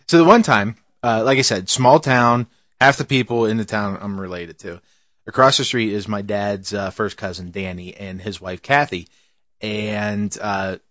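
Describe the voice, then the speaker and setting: A man's voice: lowish voice, fairly bright tone, dry recording, dull audio. A man in a casual chat, telling a long family story with frequent laughter and fillers. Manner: rambling, laughing, with many fillers. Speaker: podcast co-host telling a story.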